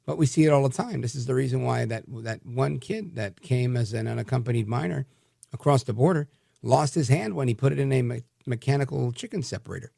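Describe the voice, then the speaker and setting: A man hosting a talk radio show, giving animated, combative opinion commentary with frequent restarts. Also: mid-range voice, a little fast, vocal fry, no room sound, studio quality.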